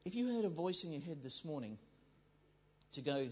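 A man's voice: sits high, sing-song, fairly quick, pauses often, slightly rough. A man giving a conversational sermon in a church, joking with the congregation and acting out the voices in people's heads. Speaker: pastor.

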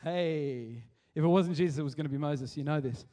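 High-voiced man preaching at kids church. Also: fairly quick, mellow, recorded from a distance. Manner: casual, repeats and restarts, builds to passionate appeals. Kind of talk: sermon. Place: church hall.

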